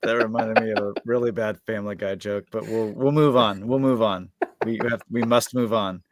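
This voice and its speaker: A man with a fairly low voice walks through an episode recap in loose, rambling chat, stringing thoughts together with constant filler words. His voice sounds dry and close, with no room around it. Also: fairly even intonation, moderate pace, dry recording. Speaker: podcast co-host.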